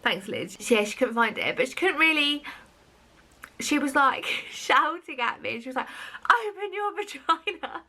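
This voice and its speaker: A young Englishwoman chatting straight to camera in a vlog, laughing through her story. Her voice sits a little high and comes across bright and lively. She talks in quick, breathless bursts. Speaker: vlogger.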